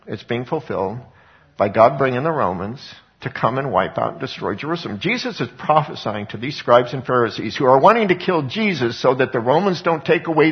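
A man's voice: medium pitch, dull audio. A man preaching a conversational sermon, retelling a parable with frequent restarts and asides. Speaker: pastor.

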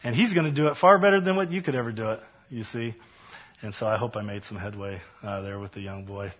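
A man leading a Bible study and closing prayer, earnest and repetitive, with frequent fillers and soft trailing endings. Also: lowish voice, quick pace, lo-fi sound.

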